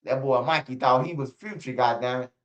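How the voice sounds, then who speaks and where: A man's voice: medium pitch, fairly quick. A man hosting a casual livestream, talking loosely and swearing often. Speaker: streamer. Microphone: streaming setup. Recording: slightly dull lo-fi stream audio.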